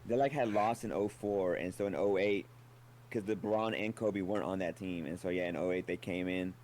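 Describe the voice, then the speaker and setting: A laid-back man chatting as a guest on a stream, his voice sitting on the low side. He rambles through his points with plenty of fillers and offhand swearing, over a faint background hum. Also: steady tone, moderate pace, a little mellow. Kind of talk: casual chat on a livestream.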